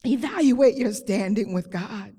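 Preaching in a church with a long reverb tail behind her, a woman speaks in a medium-pitched, mellow, slightly rough voice. She's close to tears, drawing her words out slowly and emphatically and trading call-and-response with the congregation.

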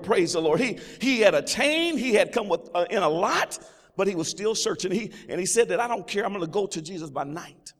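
A man's voice: sits high, animated, a little fast. A man preaching a sermon as pastor, with exclamations of praise and repeated phrases. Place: church sanctuary. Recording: long reverb of a large hall.

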